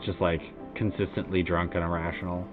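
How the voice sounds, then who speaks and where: A man's voice: deep voice, little pitch movement, brisk. An American man streaming, telling a rambling casual story full of "like" and "uh" fillers. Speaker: game streamer. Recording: tinny phone-like sound with faint music behind.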